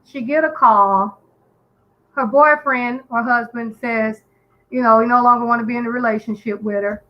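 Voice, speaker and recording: Heard in lo-fi sound, this live-stream caller has a slightly high voice with a steady tone and moderate pace. In the casual call-in chat, her story comes out earnest and emphatic, full of restarts.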